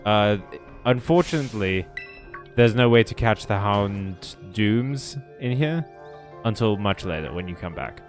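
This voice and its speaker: A man's voice: on the low side, expressive, a little slow, faint music behind. A man giving joking commentary over a video game playthrough, full of sarcastic asides. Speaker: let's play host.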